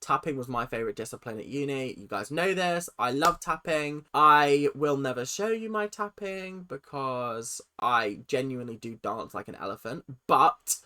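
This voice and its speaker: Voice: mid-range voice, normal speed, hardly any pauses. A person hosting a casual reaction video, chatty, opinionated and at times sarcastic. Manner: animated and opinionated, sometimes sarcastic.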